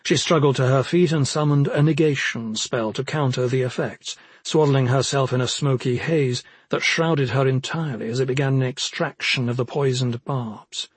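Husky male audiobook narrator. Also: medium pitch, no echo. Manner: measured, even storytelling. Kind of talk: scripted fantasy narration.

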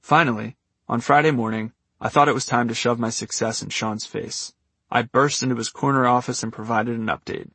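A man's voice: medium pitch, fairly even intonation, brisk, bright, forceful tone, slightly rough, no room sound. A man narrating his own memoir as an audiobook, in a wry, dryly humorous manner.

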